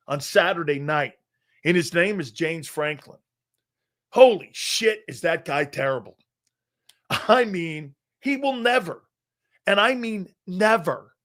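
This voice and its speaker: A middle-aged man hosting a live sports talk show, ranting loudly and profanely about football. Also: high-pitched. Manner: loud, profane and animated, mocking others in put-on voices. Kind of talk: unscripted sports rant.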